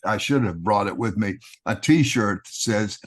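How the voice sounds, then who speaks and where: An older man from Texas with a Texan accent, telling animated stories as an actor guest and slipping into a broadcaster voice. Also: fairly low pitch, a little slow, slightly rough. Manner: animated anecdotes with broadcaster-voice impressions. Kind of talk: casual storytelling.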